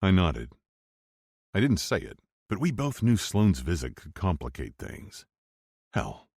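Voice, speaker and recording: A man narrating a romance audiobook in the first person, with expressive storytelling. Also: low-pitched, no echo, studio quality. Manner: expressive storytelling, wide swings for dialogue.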